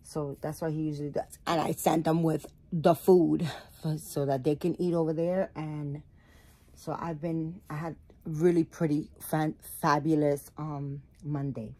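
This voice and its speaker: A woman's voice: sits low, flat delivery, measured pace, mellow. A middle-aged woman vlogging at home, chatting casually to her viewers, rambling and correcting herself as she goes. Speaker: doll-making vlogger.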